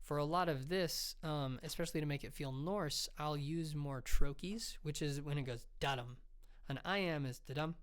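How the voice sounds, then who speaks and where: A man's voice: fairly high pitch, normal speed, a bit bright, clean tone. A man, a fantasy author, casually explaining his writing craft in a loose, rambling way, with many ums and restarts.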